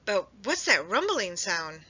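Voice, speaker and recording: A woman reading aloud plays a small, anxious rabbit. His voice rises into high, worried cries. The recording is bright but dull and lo-fi. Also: big pitch swings, slow, slightly rough, full character voice.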